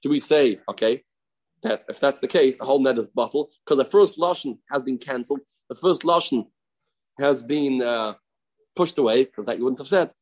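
A man's voice: medium pitch, normal speed, darkish tone, poor audio. A man teaching a daily Talmud lesson, explaining the text, acting out its cases and repeating key phrases for emphasis.

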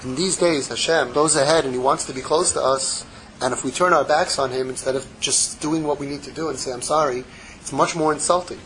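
A man giving a casual, animated Torah class, acting out little dialogues and dropping in Hebrew phrases. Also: on the high side, a little fast, a little hiss or hum, rough recording. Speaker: Torah teacher.

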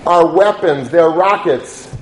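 A man's voice: fairly high pitch, slow. A man giving an earnest Torah talk, telling a story and sprinkling in Yiddish and Hebrew words. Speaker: rabbi. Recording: echoey room with faint noise.

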